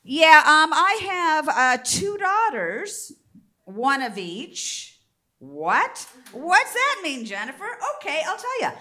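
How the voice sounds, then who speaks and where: A woman's voice: high voice, very animated, takes it slowly, bright, forceful tone. A woman in her fifties doing a stand-up comedy set on a theater stage, brassy and bawdy as she teases the crowd. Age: 50s.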